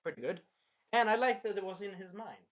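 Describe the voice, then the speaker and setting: A man co-hosting a casual review chat, excitable and breaking into shouted impressions of scenes. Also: high-pitched, quick pace, dull audio. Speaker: anime review co-host.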